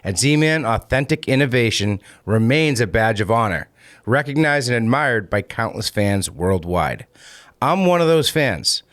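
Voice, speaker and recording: A podcast host with a middle-pitched male voice, recorded close and dry. He chips in short reactions during the chat, then moves into a smooth, steady read of a sponsor spot. The sound is plain and clean. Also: a little slow, dry recording. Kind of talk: casual chat, reads ad.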